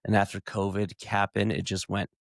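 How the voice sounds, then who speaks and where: A man's voice: lowish voice, monotone, moderate pace, vocal fry, dry recording, studio quality. A man co-hosting a podcast in laid-back casual chat, retelling clips. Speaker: podcast co-host.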